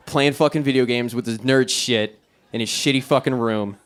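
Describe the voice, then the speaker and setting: A man's voice: medium pitch, moderate pace, clean tone. Profane young man telling a rambling story. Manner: profane, rambling, animated storytelling with quoted voices. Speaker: stand-up comic. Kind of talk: open mic stand-up storytelling. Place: small club stage.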